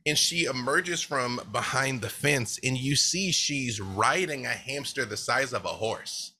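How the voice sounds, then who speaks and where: A man narrating a tabletop game as dungeon master, animated and often laughing. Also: mid-range voice, husky. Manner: animated, laughing, quick asides.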